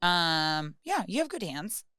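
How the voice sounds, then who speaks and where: A woman's voice: on the low side, very animated, slow, pushed and bright, smooth, dry recording, studio quality. A woman hosting a casual podcast, talking in a rambling, giggly, frank way. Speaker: podcast host. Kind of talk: casual chat.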